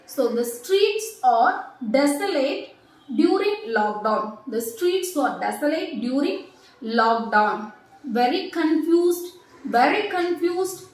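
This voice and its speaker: A woman teaching an online English vocabulary lesson, slowly repeating each word and example sentence twice. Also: high voice, recorded from a distance. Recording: very echoey room.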